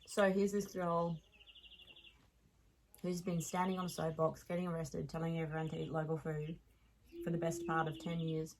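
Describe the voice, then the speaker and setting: A woman with an Australian accent, a podcast guest telling stories in casual chat, animated, laughing often and restarting sentences. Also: low voice, moderate pace, long pauses, slight background noise, rough recording.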